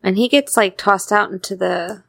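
A woman's voice: medium pitch, moderate pace, creaky, a bit bright, no echo. A young woman co-hosting a podcast, recapping a cartoon in a laid-back, slangy way with lots of agreeing murmurs. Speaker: podcast co-host. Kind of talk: casual chat recapping a cartoon.

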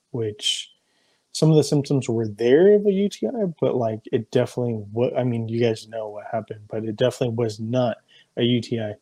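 A man's voice: mid-range voice, mellow, no echo. A young man co-hosting a casual podcast, telling stories in a heated, profanity-heavy way. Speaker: podcast co-host. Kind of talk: casual chat.

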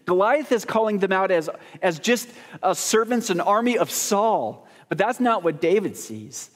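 A man's voice: high voice, animated, normal speed. A man preaching a sermon as pastor, talking in a conversational, joking way and putting questions to the congregation. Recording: long hall reverb.

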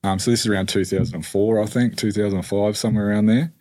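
Aussie bloke, lowish voice, swears heaps, lots of ums and likes. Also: male voice, steady tone, fast talker, a little mellow. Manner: swears freely, many fillers. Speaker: podcast guest. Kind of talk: casual storytelling.

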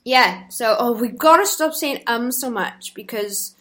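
A woman's voice: on the high side, lively intonation, measured pace, fairly bright tone. A young woman co-hosting a podcast in casual, jokey chat, laughing often. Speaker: podcast co-host.

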